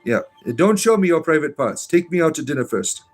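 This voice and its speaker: A man's voice: a little high, expressive, a little fast, soft background music. A man with a Southern US accent hosting a livestream, reading chat comments aloud in a rambling, hesitant way full of uh's and restarts, sarcastic and defiant in his answers.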